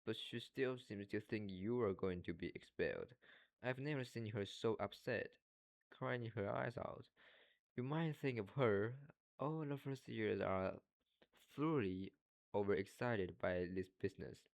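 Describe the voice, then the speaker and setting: Man reading a bossy prefect boy, stern and scolding, in a low voice. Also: measured pace, gravelly. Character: bossy, pompous older schoolboy prefect.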